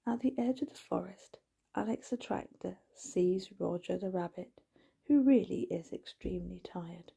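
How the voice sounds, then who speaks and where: A woman narrating a hypnotic bedtime story in a hushed voice, often slipping into a whisper and drawing out her words. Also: fairly low pitch, normal speed, vocal fry, breathy edge.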